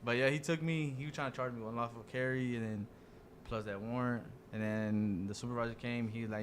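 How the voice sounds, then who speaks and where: A man's voice: medium pitch, steady tone, a little fast, slight background noise. A young man telling a story casually among friends, laid-back, swearing freely and acting out the dialogue. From Dallas area. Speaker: podcast guest telling a story.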